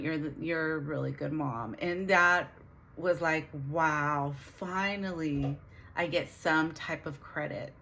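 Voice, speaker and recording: A middle-aged woman vlogging, telling a painful family story in an earnest, halting way with many restarts. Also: sits low, fairly bright tone. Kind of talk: emotional personal storytelling.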